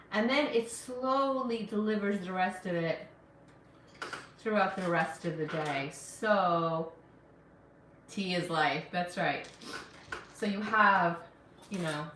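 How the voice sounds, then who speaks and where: Slow-talking, bright-voiced woman in a roomy kitchen. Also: mid-range voice, far from the mic, a little hiss or hum. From Afghanistan. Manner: chatty, reads out and answers viewer comments. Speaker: live-stream cooking host. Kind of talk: casual live-stream chat while cooking. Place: home kitchen. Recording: roomy kitchen sound, mic set back.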